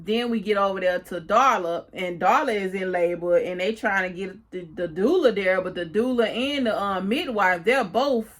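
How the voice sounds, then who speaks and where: A woman's voice: medium pitch, a bit bright. A woman casually recapping and reviewing a TV episode, retelling the scenes by quoting the characters, with chatty fillers and restarts.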